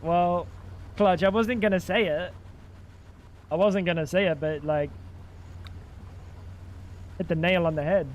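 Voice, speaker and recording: A man's voice: sits high, fairly even intonation, measured pace, pauses often, a little hiss or hum. A young man livestreaming a game, chatting casually and joking back at his chat. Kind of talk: casual gaming stream chat.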